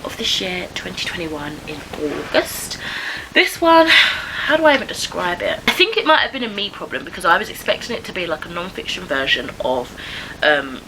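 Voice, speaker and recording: Young woman, casual upbeat book vlogger, low-ish voice with a bright, sharp edge. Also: a little hiss or hum, low-quality recording. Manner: chatty and upbeat, with giggles. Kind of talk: casual book wrap-up chat.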